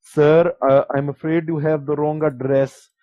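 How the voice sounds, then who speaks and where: A man's voice: on the high side, little pitch movement, a little slow, dry recording, pitched above the performer's own voice, close to an everyday voice. A man voicing an overly polite male phone scammer with a put-on Indian accent and stiff, formal phrasing. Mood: mock formal. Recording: dull lo-fi sound.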